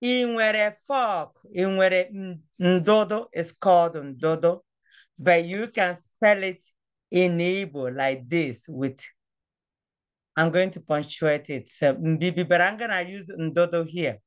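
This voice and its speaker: A woman teaching a language class over a phone, patient and coaxing, repeating words slowly. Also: on the low side, clean tone.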